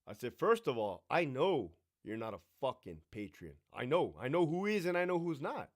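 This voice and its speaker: Here a middle-aged livestream host takes questions live, spinning profane, brash stories and doing impressions of the people involved with plenty of animation. He speaks in a mid-range voice at a moderate pace, with hardly any pauses.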